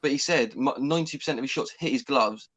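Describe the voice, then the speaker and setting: A young British man co-hosting a casual talk, arguing loudly and acting out what others said. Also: mid-range voice, fast, dry recording, lo-fi sound. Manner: animated, argumentative, acts out quotes. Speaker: co-host. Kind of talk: heated casual debate.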